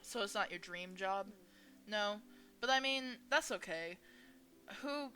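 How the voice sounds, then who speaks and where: A young woman reading a visual novel aloud as a gaming host, expressive and playful as she voices each character. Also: medium pitch, slow pace, long pauses. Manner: expressive, reads each character's lines with shifting energy.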